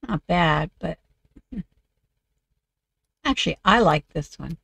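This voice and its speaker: A woman chats through her game at an unhurried pace and mutters to herself as she works. Her voice is gravelly and a little off, with an occasional cough. The sound is dry and close, with no room around it. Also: low voice, animated, fairly bright tone, no echo. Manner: muttering to herself while working. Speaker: video game creator. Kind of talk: casual gameplay commentary.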